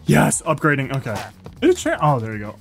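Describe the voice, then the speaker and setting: A young man giving excitable, jokey commentary while playing a block-building game, full of exclamations. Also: on the high side, normal speed, creaky, soft background music. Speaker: Minecraft YouTuber. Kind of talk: gameplay commentary.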